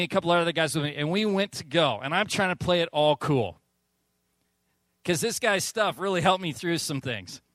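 Male pastor, high voice, dry close sound, lively storyteller preaching in church. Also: no room sound. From Southern California. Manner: animated storytelling, acts out quotes. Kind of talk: sermon.

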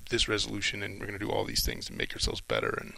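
A middle-aged man, a retired Navy officer, talking through a reflective solo monologue in short, halting, thoughtful phrases. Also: lowish voice, sing-song, vocal fry, bright, forceful tone, rough recording.

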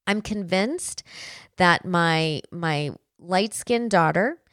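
Woman, 40s, podcast host; earnest conversational storyteller, lower register, dry close-miked sound. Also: lively intonation, takes it slowly, no echo. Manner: earnest storytelling with frequent restarts. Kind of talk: casual podcast monologue.

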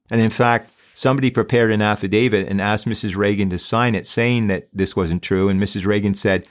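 A man's voice: lowish voice, fairly even intonation, a little fast, few pauses. A man hosting a true crime podcast, talking emphatically and firing off rhetorical questions. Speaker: podcast host.

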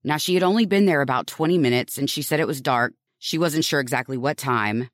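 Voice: medium pitch, a little fast, no echo, clean studio sound. A podcast host narrating a true-crime story, earnest and reflective, posing rhetorical questions to listeners.

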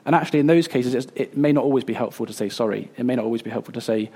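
A man in his thirties preaching a sermon, earnest and a little halting, with fillers and restarts. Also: mid-range voice, warm tone, slightly rough. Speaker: pastor.

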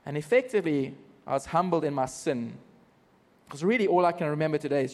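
South African preacher, high voice for a man, lively self-mocking storyteller, long hall reverb. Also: fairly quick. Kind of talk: personal testimony sermon. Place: church service.

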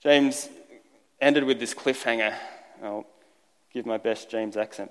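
A man preaching a sermon in a relaxed, conversational way, joking lightly and restarting his sentences now and then. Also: medium pitch, unhurried, long pauses. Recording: long reverb of a large hall.

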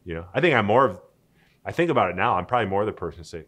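Man, forties, low deep voice, casual storytelling, acts out quotes, laughs now and then. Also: very fast. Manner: animated, laughing, acting out quoted dialogue. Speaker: interview guest, former pro football player. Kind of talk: conversational storytelling.

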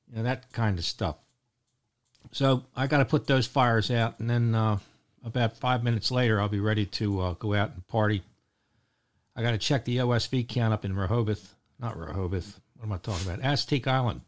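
An older man with a Baltimore accent talks through a loose morning chat as host. His voice sits a little low, and he rambles along, joking and filling gaps with ums and uhs. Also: brisk. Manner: rambling, joking, with many fillers.

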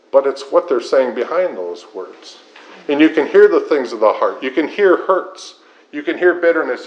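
Middle-aged guy preaching, earnest and repetitive, a bit dull lo-fi sound. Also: a little high. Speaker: pastor. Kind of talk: sermon.

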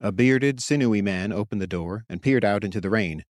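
A man reading his own story aloud in steady, measured audiobook narration. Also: on the low side, no room sound, studio quality. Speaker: author and narrator.

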